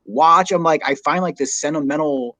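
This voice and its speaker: A man hosting a podcast in casual interview chat, talking in an animated, rambling way full of "like". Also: fairly high pitch, moderate pace, dry recording. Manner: animated, rambling, heavy use of "like". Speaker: podcast host.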